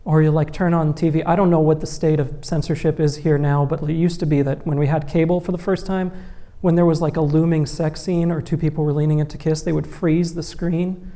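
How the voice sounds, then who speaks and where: Wry man with a gravelly, dark voice. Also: a little high, flat delivery, fairly quick, hardly any pauses. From Egypt. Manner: wry, laughs through anecdotes, many "like" and "you know". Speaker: guest author. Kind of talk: conversational storytelling on stage.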